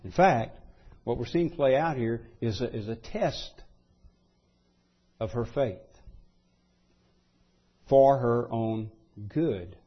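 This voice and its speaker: A man preaching a sermon in an earnest way, rising to loud pleading when he voices quotes. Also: mid-range voice, slow pace, pauses often, muffled recording. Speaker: pastor.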